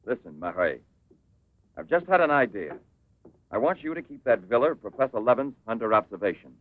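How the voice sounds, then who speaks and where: An actor playing a brisk, authoritative police chief in a dubbed 1950s film, giving curt orders. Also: male voice, mid-range voice, sing-song. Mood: commanding. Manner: curt, commanding. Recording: tinny narrow old film soundtrack.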